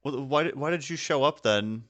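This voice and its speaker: A man's voice: medium pitch, normal speed, very noisy. A man streaming his casual reaction to a video, stammering, swearing and laughing often.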